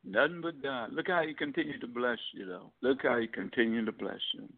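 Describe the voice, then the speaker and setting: Gravelly man hosting a faith interview. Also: medium pitch, brisk. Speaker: interview host. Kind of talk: interview questions with faith talk. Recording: phone-like narrow sound.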